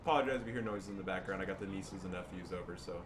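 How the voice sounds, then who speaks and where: A man casually commentating his own gameplay, swearing freely and breaking into loud yells and laughter. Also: sits low, very fast, noisy background. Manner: profane, bursts into yelling and laughing. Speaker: gaming commentator. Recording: game sound under commentary. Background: game gunfire and ambience.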